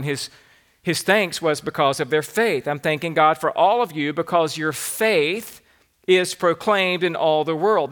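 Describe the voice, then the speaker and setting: A man's voice: on the high side, a bit bright. A man with a Southern American accent preaching an expository sermon, teaching from an outline and reading scripture aloud. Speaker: pastor.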